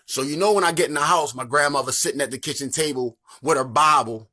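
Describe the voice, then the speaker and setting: A man's voice: fairly high pitch, fast talker, bright, forceful tone. A man with a Baltimore accent telling comic stories in a profane, conversational monologue. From Baltimore, Maryland. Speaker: comedian. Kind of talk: comedic storytelling monologue.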